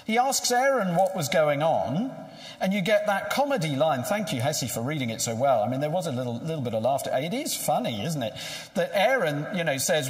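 A man's voice: a little high, big pitch swings, fairly quick. A man preaching a sermon in a conversational way, asking rhetorical questions. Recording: echoey hall with long reverb.

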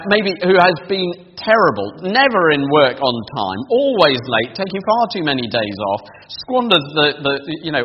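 Preacher with a lively, swooping voice. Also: male voice, on the high side. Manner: expository, rising to emphatic peaks then dropping quiet and intimate. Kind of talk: sermon. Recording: dull lo-fi sound with long hall reverb and faint hum.

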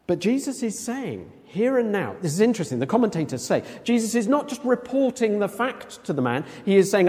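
A man preaching a sermon in a conversational, animated way, acting out quoted voices. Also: sits high, normal speed. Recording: long echo of a large hall.

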